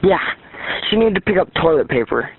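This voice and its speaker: A man in a casual phone conversation, retelling events in a rambling, halting, frustrated way. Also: high voice, big pitch swings, breathy edge, no room sound. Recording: tinny phone line.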